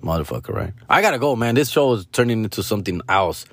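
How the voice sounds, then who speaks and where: Low-voiced man, loose swearing monologue. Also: very animated, fast talker, fairly bright tone, no room sound. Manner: loose, rambling, heavy swearing, calls listeners fool and bro. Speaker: comedian hosting his own podcast. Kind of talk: casual profane storytelling monologue.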